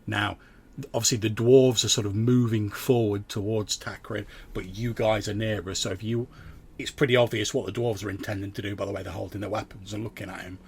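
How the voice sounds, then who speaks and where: Gravelly man narrating as game master. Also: fairly low pitch, a bit bright, a little hiss or hum. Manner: casual, lots of "like" fillers, vivid narration.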